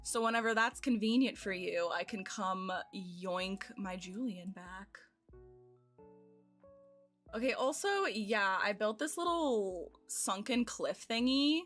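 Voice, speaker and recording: A woman's voice: medium pitch, animated, slow. An American woman in her twenties, a streamer chatting casually and giggling as she thinks aloud while playing a game. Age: 20s. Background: soft game music.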